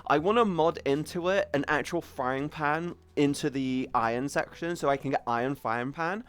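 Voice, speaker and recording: A woman's voice: low-pitched, moderate pace. A young woman chatting on a live stream, playful and crude, calling her chat sweetie and baby. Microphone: headset boom mic.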